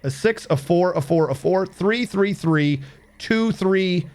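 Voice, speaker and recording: A man's voice: high voice, animated, takes it slowly, a little mellow. A man streaming a game, chatting casually in a rambling, profane way and counting under his breath as he plays. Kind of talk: casual rambling commentary while playing a game.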